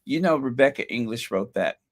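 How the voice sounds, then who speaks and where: A man's voice: medium pitch, lively intonation, brisk. A man hosting a casual commentary vlog, reading headlines aloud with sarcastic asides and chuckles, his voice a bit scratchy. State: slightly scratchy voice. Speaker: channel host.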